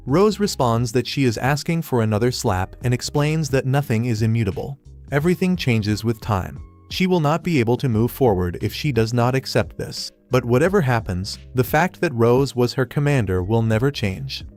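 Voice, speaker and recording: A man narrates an anime recap in an even, steady manner. His voice sits in a middle pitch. Faint music plays behind him. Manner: even, steady retelling in third person.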